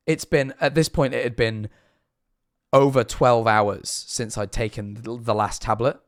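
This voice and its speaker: A man telling a self-mocking story to his stream, animated and swearing freely. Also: medium pitch, measured pace, no echo, clean studio sound. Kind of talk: casual storytelling to a live stream chat.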